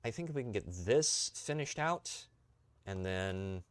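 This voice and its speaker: A man's voice: on the low side, lively intonation, measured pace, no room sound. A young man streaming a tank game, tired and rambling in a self-deprecating way while talking to his chat. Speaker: gaming streamer. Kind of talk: casual live-stream commentary.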